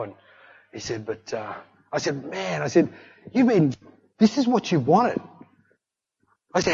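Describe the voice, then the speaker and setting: A man's voice: a little high, lively intonation, normal speed, vocal fry, a little mellow, slightly rough. A middle-aged man preaching a sermon as pastor, emphatic and repetitive, often calling out "hey" to the congregation. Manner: emphatic preaching with repeated "hey" and "don't fret". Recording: long hall reverb, dull lo-fi sound.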